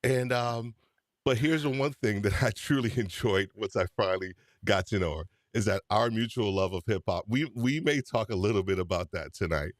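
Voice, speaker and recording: A man's voice: lowish voice, normal speed, dry recording, clean studio sound. A man hosting a live-stream podcast, upbeat and chatty, often repeating his phrases. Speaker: podcast host.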